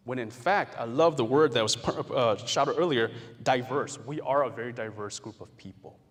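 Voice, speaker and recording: A man giving a lively educational talk to an audience, with playful asides and acted-out quotes. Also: medium pitch. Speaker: presenter. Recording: hall reverb.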